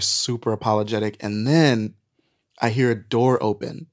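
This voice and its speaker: A man guest on a podcast, telling a wild story in an animated, profane way and laughing at it. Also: medium pitch, normal speed. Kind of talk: casual storytelling.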